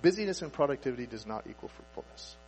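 A man preaching a sermon in a relaxed, conversational way, asking rhetorical questions and acting out people's inner thoughts. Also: medium pitch, quick pace, vocal fry, music in the background. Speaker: pastor. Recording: echoey hall with faint mains hum. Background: faint mains hum.

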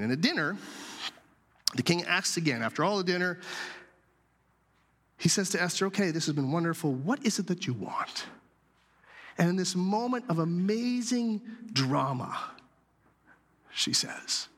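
A man telling a scripture story as a sermon, animated and acting out the characters' lines. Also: a little high, moderate pace, long pauses. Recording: long hall reverb.

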